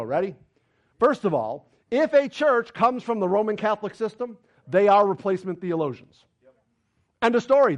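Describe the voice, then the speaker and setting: Emphatic preacher man, high lively voice. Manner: emphatic, argumentative, rhetorical questions. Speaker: pastor. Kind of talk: sermon.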